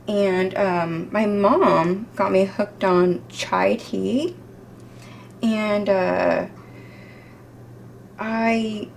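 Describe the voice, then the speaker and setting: A woman's voice: mid-range voice, gravelly, slight background noise. A middle-aged woman hosting a casual home cooking vlog, chatty and jokey, poking fun at herself. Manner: chatty, jokey and self-deprecating. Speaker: cooking channel host.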